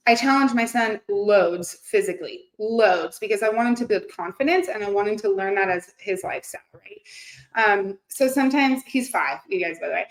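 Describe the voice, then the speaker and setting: A woman in her thirties talking earnestly and casually to her viewers, with many fillers and restarts. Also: mid-range voice. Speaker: host. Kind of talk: casual motivational talk to camera. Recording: echoey room.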